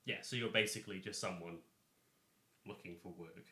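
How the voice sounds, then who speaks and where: A man's voice: sits low, moderate pace, pushed and bright. A man acting as dungeon master in a casual, rambling chat while preparing a tabletop game. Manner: rambling, self-correcting, chatty. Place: home. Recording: echoey room.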